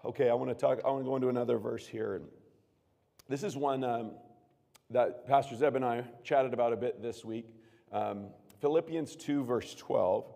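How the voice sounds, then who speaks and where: A man preaching a sermon as pastor, earnest, moving from hushed tones to loud emphatic bursts. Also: mid-range voice, normal speed, gravelly. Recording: long reverb of a large room.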